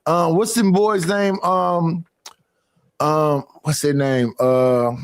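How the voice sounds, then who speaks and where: A man co-hosting a casual group podcast, talking slowly and stopping often to search for names. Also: on the high side, steady tone, smooth. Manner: drawling, searching for names with many fillers. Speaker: podcast co-host.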